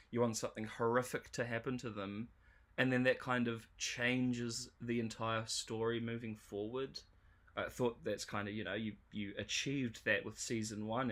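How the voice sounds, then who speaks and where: A man's voice: mid-range voice, fairly bright tone. A man reviewing a show on a livestream, ranting in an exasperated, sarcastic way. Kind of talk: livestream commentary.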